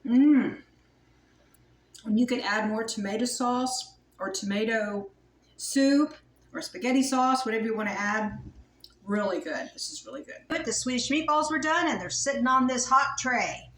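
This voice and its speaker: A woman's voice: a little high, moderate pace, fairly bright tone, reverberant, slight background noise, rough recording. A woman home cook casually talking through a recipe in her kitchen, chatty and thinking aloud as she works. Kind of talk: casual cooking demonstration.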